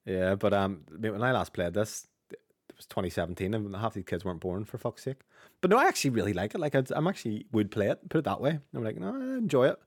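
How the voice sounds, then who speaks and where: Fast-talking Northern Irish man. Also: fairly low pitch, expressive, no room sound, studio quality. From Northern Ireland. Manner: rapid, chatty, sweary banter. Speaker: podcast co-host. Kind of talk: casual gaming chat.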